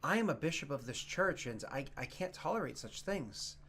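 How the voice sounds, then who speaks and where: A formal, patient church bishop from a tabletop game, as a man puts him on. He speaks in a measured, slightly halting way. His voice sits a bit high. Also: animated, fairly bright tone, husky, heavily acted. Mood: solemn.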